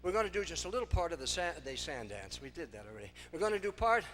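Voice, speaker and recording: A man's voice: on the high side, big pitch swings, fast, fairly bright tone, slight background noise. An older man doing breathless, self-mocking stage patter between dance numbers in front of a live audience. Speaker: song-and-dance entertainer.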